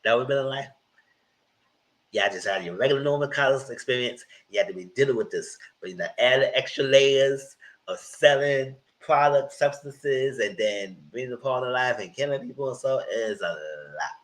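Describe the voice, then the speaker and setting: A man's voice: mid-range voice, normal speed, a bit bright, rough recording. A man giving a casual TV episode recap, retelling scenes animatedly with frequent restarts. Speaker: TV reviewer.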